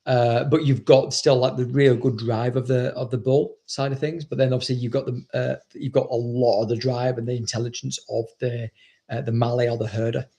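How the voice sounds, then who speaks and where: A man's voice: mid-range voice, level tone, brisk, warm tone. A man, a dog trainer, chatting casually, blunt and swearing freely. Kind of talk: casual chat.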